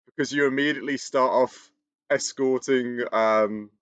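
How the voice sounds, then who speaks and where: A man's voice: mid-range voice, steady tone, measured pace, a bit bright, clear, resonant tone, dry recording. A man co-hosting a podcast in casual chat, often restarting his sentences and laughing. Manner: hesitant, many restarts and laughs. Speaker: podcast co-host.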